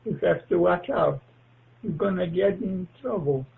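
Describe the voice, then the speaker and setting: A man, a ham radio operator, chatting slowly and haltingly on air with lots of pauses. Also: high voice, gravelly. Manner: slow, halting, with frequent pauses and fillers. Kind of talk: casual on-air chat. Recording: tinny radio transmission with faint hiss.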